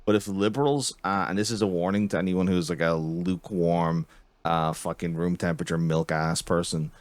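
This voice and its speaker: A man's voice: low voice, fairly even intonation, moderate pace, no echo. A man hosting a casual political chat, talking in a heated, profane, ranting way. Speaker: podcast host.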